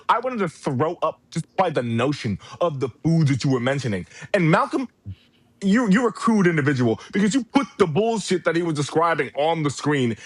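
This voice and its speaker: A man's voice: fairly high pitch, sing-song, normal speed, dry recording. A man co-hosting a wrestling podcast, swearing and ranting in a furious, heated way. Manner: furious, foul-mouthed rant with mock British impression. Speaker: podcast co-host. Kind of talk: profane ranting podcast chat.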